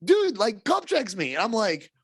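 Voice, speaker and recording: A man in a casual podcast chat, telling stories in an animated way, swearing and laughing often. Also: sits high, normal speed, husky, no echo. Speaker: podcast co-host.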